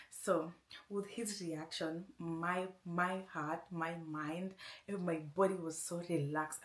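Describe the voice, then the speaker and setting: A woman vlogger casually telling a long personal story, rambling and often saying "anyway". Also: lowish voice. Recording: roomy echo.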